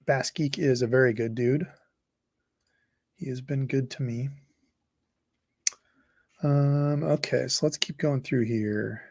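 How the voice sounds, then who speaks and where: A man's voice: mid-range voice, takes it slowly, creaky, pauses often, a little mellow, dry recording, clean studio sound. A man hosting a fishing livestream, rambling casually and reading viewer comments aloud. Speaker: fishing channel host.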